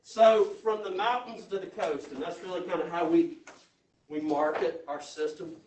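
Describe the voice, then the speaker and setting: Guy giving a jokey work presentation, kinda high voice, far off in a roomy hall. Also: normal speed, a little mellow. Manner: folksy, joking, checks in with the audience. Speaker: state parks presenter. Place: conference room with audience. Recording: echoey room, voice from far off.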